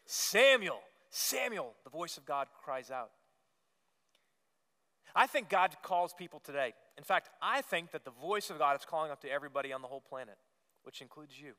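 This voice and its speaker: Man preaching in a church, bright clear voice, long echo off the walls. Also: fairly high pitch, fast. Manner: earnest preaching with repetitions and emphatic rises. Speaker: pastor. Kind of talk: sermon. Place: church sanctuary. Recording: long reverb of a church hall.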